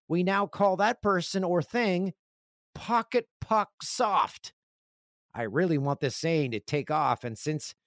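A middle-aged man hosting a podcast solo, his pitch swinging freely as he jokes his way through listener letters. The sound is close and dry, with almost no room around his voice. His storytelling is animated and self-deprecating. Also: no echo. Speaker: podcast host. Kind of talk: casual podcast monologue, reading listener mail.

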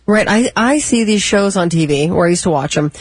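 Radio co-host, curious and chatty, husky voice, dry close mic. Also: medium pitch, lively intonation, brisk, no room sound. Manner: chatty, curious, lots of fillers. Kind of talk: casual radio banter.

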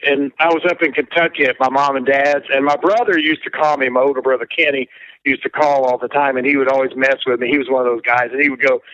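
A man's voice: medium pitch, steady tone, fast talker, a bit bright, no room sound, muffled recording. A man as a guest in an interview, telling long rambling anecdotes and acting out what others said. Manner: rambling anecdotal storyteller, acts out quoted voices. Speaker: guest musician. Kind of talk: casual storytelling interview.

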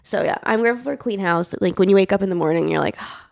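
A woman co-hosting a podcast, telling stories in casual chat and acting out the quotes in a higher voice. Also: fast, vocal fry, dry recording, clean studio sound. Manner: animated storytelling, acts out quotes in a high voice. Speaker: podcast co-host.

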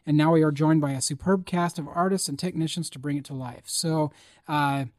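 A talkative man co-hosting a movie podcast, his voice sitting a bit high for a man. He rambles through the news with plenty of "uh"s, and the recording is close and dry with no room sound. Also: steady tone, brisk, darkish tone, no echo. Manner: chatty, reads out news items with fillers. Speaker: podcast co-host. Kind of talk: casual chat about movie news.

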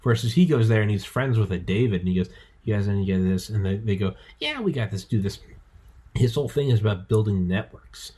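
A man's voice: on the low side, brisk, warm tone, slightly rough. A man hosting a podcast in casual chat, rambling through stories, swearing and acting out quotes in a raised voice. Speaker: podcast host.

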